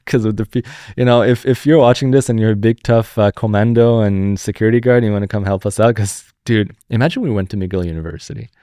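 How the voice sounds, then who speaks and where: A young man hosting a political podcast, talking in a profane, animated, rambling way. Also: fairly low pitch, fast, few pauses, smooth, no room sound, clean studio sound. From Canada. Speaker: podcast host. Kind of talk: casual political podcast chat.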